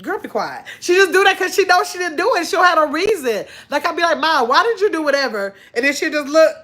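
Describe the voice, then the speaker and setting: Speaking fast in a very high, fairly bright voice, a middle-aged channel host chats on her livestream. She's a chatty storyteller who reads viewers' comments out loud and laughs frequently.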